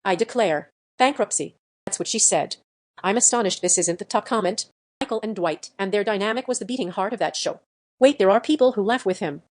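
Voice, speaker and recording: A woman's voice: mid-range voice, fast, darkish tone. Woman reading forum comments aloud. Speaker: narrator reading online comments.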